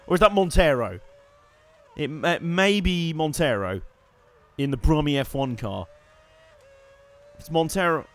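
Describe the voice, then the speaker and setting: A man giving wry, chatty live commentary while playing a racing game, swearing and reacting loudly to the action. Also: fairly high pitch. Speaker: streamer.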